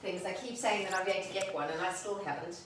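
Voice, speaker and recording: A woman's voice: on the low side, quick pace, slight background noise. Chatty woman in an echoey kitchen. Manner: chatty, cheerful. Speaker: cooking show host. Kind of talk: casual cooking demonstration. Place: home kitchen. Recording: echoey room, mic far off.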